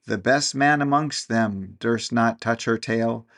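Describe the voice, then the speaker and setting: A man voicing a merry chorus of little tailor mice in a chirpy, sing-song manner, pitched above his own voice. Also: takes it slowly, fairly bright tone.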